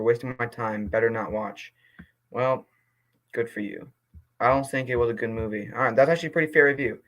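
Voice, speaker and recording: An excitable young man ranting casually. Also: mid-range voice, poor audio. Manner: passionate, quickly indignant, then apologetic. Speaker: vlogger reading movie reviews. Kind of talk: casual reaction vlog.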